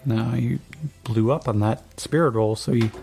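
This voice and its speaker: Gravelly laid-back male game master. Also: mid-range voice, fairly even intonation, normal speed, darkish tone, soft background music. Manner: laid-back, rambling, many fillers. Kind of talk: narrating a tabletop game.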